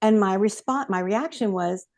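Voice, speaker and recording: A woman telling a personal story in a lively, expressive way on a podcast. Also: medium pitch, normal speed. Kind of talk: casual storytelling.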